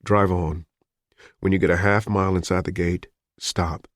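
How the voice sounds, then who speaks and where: A man's voice: sits low, flat delivery, moderate pace, no room sound, studio quality, lightly acted. A man playing a cool, hunted fugitive. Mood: tense. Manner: quiet, clipped, controlled. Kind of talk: audiobook character voice.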